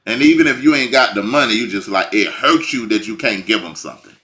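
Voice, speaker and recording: A man preaching informally, swinging from hushed lines to near shouting. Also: on the low side, lively intonation, quick pace. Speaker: bible teacher.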